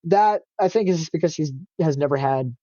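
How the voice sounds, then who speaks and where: A young man with a mellow, relaxed voice, rambling through a casual interview with many fillers and self-corrections. He talks openly and laughs easily. The recording is dry and sounds dull and muffled. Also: a little high, brisk, no echo. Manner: open and emotional, laughs often. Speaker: guest.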